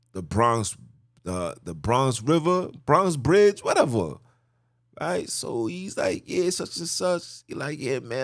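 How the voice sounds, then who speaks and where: A man hosting a podcast in casual religious talk, telling stories in an animated way with street slang. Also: mid-range voice, no echo, clean studio sound. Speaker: podcast host.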